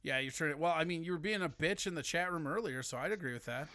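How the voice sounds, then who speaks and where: High, bright-voiced man teasing on a stream. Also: fast, slight background noise. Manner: profane, teasing. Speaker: livestream host. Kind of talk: casual chat with a caller.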